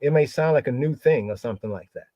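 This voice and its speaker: A man's voice: mid-range voice, fast, no room sound, dull audio. A man teaching a live scripture study, repeating words over and over and drawing them out.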